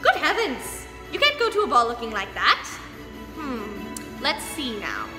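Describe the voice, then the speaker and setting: A woman's voice: a little high, very animated, a little slow. A woman voicing a kindly, flustered older fairy godmother in a storybook reading, with a fussy cooing manner. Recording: echoey studio hall, faint music.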